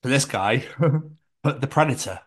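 A man's voice: mid-range voice, measured pace, a bit bright. A man co-hosting a podcast in casual comedic chat, dry and jokey, swearing casually. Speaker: podcast co-host.

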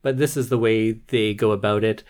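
A man co-hosting a casual movie review podcast, sarcastically retelling the plot with animated asides. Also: fairly low pitch, moderate pace. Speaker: podcast co-host.

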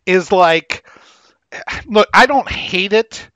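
A man chats casually about films, stumbling and repeating himself as he gets his thoughts out. His voice sits a bit high, with a bright, forceful edge. The sound is dry and close. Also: animated, no room sound. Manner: halting, repeats words, laughs often. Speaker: podcast co-host. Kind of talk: casual movie chat.

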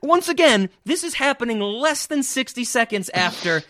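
An excitable man in casual podcast chat, laughing often and acting out quotes. His voice is high, lively and bright. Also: normal speed. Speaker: podcast co-host. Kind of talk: casual film-discussion chat.

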